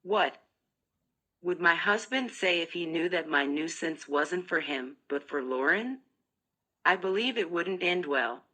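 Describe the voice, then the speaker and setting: A woman narrating a first-person audiobook in a measured, even reading. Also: fairly low pitch.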